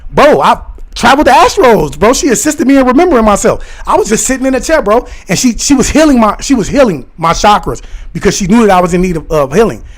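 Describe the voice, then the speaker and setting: Man, high-pitched voice, casual livestream talk, rambling, excitable, speaks straight to chat. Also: quick pace. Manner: rambling, excitable, addresses viewers directly. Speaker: live streamer talking to chat.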